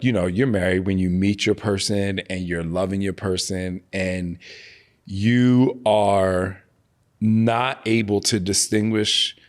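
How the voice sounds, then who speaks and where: A man in his forties, a guest in an interview, talking openly and emotionally, slowing down and growing quiet on painful memories, with many casual fillers. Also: on the low side. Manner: emotional, open, slows on heavy moments. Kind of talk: candid interview conversation.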